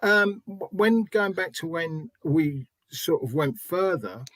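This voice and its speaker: A man's voice: fairly high pitch, lively intonation, takes it slowly, fairly bright tone, no room sound. A middle-aged man and spiritualist medium telling stories in an interview, chatty, restarting often and acting out quoted dialogue. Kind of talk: anecdotal interview storytelling.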